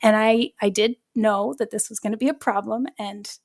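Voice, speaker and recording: A middle-aged woman hosting a podcast, telling a story in casual chat, candid and lively as she acts out bits of dialogue. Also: medium pitch, normal speed, no echo, clean studio sound. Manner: animated storyteller who acts out quoted dialogue; candid, uses mild swearing. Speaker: podcast host.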